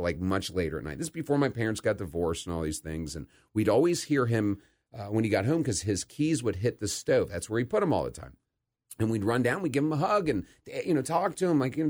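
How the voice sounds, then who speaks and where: A middle-aged man hosting a casual interview, telling stories with animated quoted voices. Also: mid-range voice. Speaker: podcast host.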